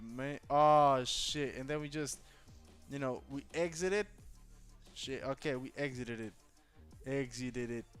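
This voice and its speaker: A high-voiced man talks through a casual home vlog as he tests a camera gimbal. His speech is loose, slangy and full of swearing, and it jumps up with excitement. His voice is smooth and clear, with faint music behind him. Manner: profane, excitable, thinks aloud. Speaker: vlogger. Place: indoors at home.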